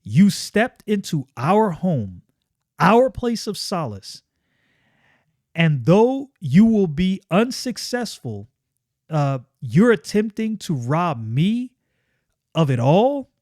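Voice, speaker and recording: A man reading the lines of a fierce middle-aged ranch wife from a comic book, in a stern, measured voice close to his own. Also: sits high, very animated, darkish tone, no room sound, exaggerated voice.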